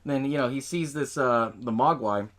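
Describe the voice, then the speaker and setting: A man's voice: mid-range voice, normal speed, fairly bright tone. A man hosting a podcast, recapping a movie in a loose, profane way and laughing often as he tells it. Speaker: podcast host.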